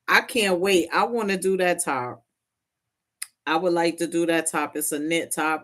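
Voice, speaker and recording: Woman host for a sewing livestream, relaxed unhurried talk, laughs a lot, chatty with viewers. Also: fairly low pitch. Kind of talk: casual chat while sewing.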